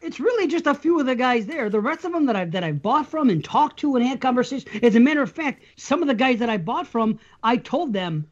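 A man's voice: extremely high pitch, expressive, a little fast, few pauses. A man hosting a casual podcast chat, easygoing and rambling, laughing often as he tells his stories. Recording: slightly muffled audio.

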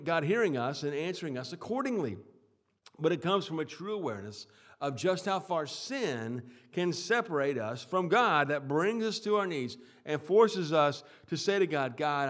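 Male pastor, sermon delivery, voice a touch high, emphatic, repeats himself. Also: very animated. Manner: emphatic preaching with swings in loudness and pauses; repeats words and restarts phrases.

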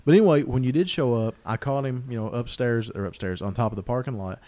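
A man's voice: medium pitch, fast talker. A man, a podcast host telling stories in casual chat and acting out the people he quotes. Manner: animated storyteller, acts out quoted voices.

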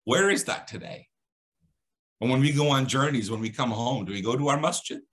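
A man telling a religious story dramatically, acting out the characters' dialogue. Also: a little fast. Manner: dramatic, acts out dialogue with shifting pitch.

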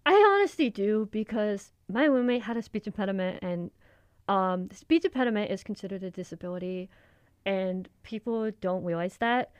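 A young woman with a mild speech impediment who tends to talk fast. She reads her own essay, then answers questions casually with fillers. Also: mid-range voice, expressive, smooth, no echo. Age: young adult. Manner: quick-talking, with frequent fillers in conversation. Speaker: student writer and guest.

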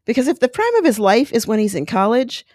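A woman's voice: on the high side, sing-song, quick pace, a little mellow, no room sound. Woman in her 40s doing a podcast monologue, frank and emotional, dry close sound. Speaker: podcast host. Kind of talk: personal monologue.

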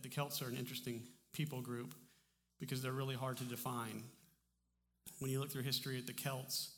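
Male pastor preaching in a reverberant hall. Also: mid-range voice. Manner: relaxed, conversational preaching with frequent restarts. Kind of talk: sermon. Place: church sanctuary.

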